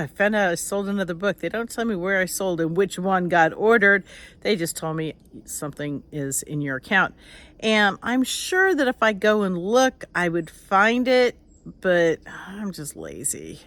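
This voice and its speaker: A woman's voice: mid-range voice, animated, measured pace, a bit bright. Nasal older woman chatting on a stream. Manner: rambling, chatty, greets viewers by name. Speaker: author. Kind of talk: casual live-stream chat.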